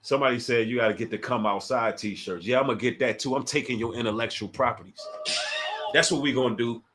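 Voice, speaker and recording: A man's voice: mid-range voice, fast, fairly bright tone, slight background noise. A man from the Washington, D.C. area hosting a casual livestream, taunting a rival and talking straight to his chat. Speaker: livestream host.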